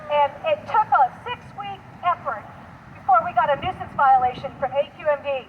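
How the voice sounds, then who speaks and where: Middle-aged woman activist, really high voice, earnest and chatty, slightly dull outdoor recording w/ faint traffic. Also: animated, moderate pace. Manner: earnest, conversational, with small restarts and laughs. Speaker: community activist. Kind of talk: outdoor advocacy statement. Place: outdoors by a street.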